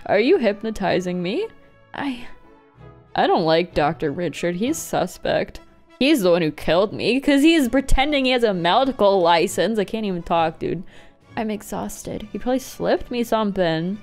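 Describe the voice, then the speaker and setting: Brief: young woman gaming streamer, goofy and joking, animated delivery. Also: mid-range voice, moderate pace, soft background music. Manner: goofy, joking, laughs often. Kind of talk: casual game commentary.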